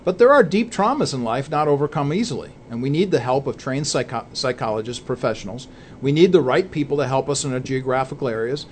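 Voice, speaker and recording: A man's voice: mid-range voice, a little hiss or hum. A man co-hosting a Christian talk show, speaking in an earnest, preacherly way and laying out his points one by one. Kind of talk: conversational faith talk.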